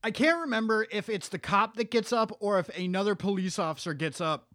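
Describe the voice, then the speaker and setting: High-voiced young man recapping a movie. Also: brisk, fairly bright tone, dry recording, studio quality. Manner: rambling, profane, restarts a lot while storytelling. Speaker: podcast co-host. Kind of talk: casual chat retelling a horror movie.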